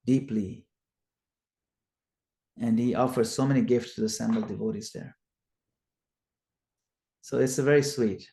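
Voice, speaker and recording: Male scripture teacher, mid pitch, lively storytelling, roomy sound. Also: gravelly. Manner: animated retelling, acts out quoted lines loudly. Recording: echoey room.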